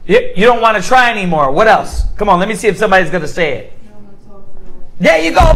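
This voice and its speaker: A man with a high-pitched voice teaches a Bible class. He keeps asking the room questions and waits for answers, then acts out everyday scenes to drive each point home. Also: fast, music in the background, poor audio. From United States. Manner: call-and-response questioning, animated acted-out examples.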